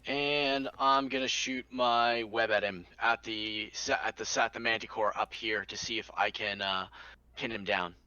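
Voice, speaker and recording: A man's voice: lowish voice, steady tone, normal speed, bright, forceful tone, clear, resonant tone, dry recording. A young man playing a tabletop game, stating his moves plainly. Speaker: player. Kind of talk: casual chat at a game table. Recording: dull lo-fi dry online-call audio.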